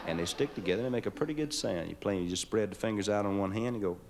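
A man's voice: on the low side, rapid-fire. A man hosting a show on stage, joking in a down-home way and leading the audience in chants. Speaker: host. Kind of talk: folksy stage patter with audience. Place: TV studio stage with live audience. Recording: noisy 1970s live TV broadcast. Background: studio audience laughing.

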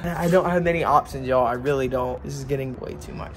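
A young man vlogging in a panicky, breathless way, often dropping to a hushed whisper. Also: medium pitch, huge pitch swings, normal speed, noisy background. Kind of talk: staged prank vlog. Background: background music.

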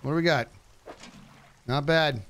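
A man giving chatty live commentary while playing a fishing game, reading chat and yelping when things go wrong. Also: unhurried. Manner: animated, chatty, jumps to high panicky yelps.

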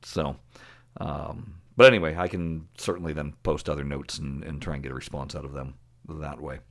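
Low-voiced chatty podcast man. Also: steady tone, moderate pace, creaky. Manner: chatty, laughs often, trailing fillers. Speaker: podcast co-host. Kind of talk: casual chat.

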